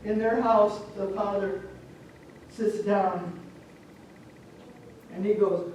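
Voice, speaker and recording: A middle-aged woman from Omaha telling a folk tale live to an audience, lively and chatty, with asides to the crowd. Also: mid-range voice, takes it slowly, long pauses, slight background noise. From Omaha, Nebraska. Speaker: storyteller. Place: large event hall. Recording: echoey hall from far off.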